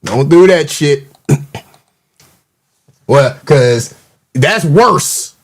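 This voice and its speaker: A man's voice: a little high, animated, drawn-out words. A man hosting a casual livestream, ranting in a mocking, profane, heated way and reacting to the live chat. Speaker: show host.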